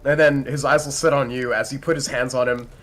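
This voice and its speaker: A man plays in a tabletop game, rambling through his character's actions with many fillers. His pitch is middling, and faint music plays behind him. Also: steady tone, brisk, fairly bright tone. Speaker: player.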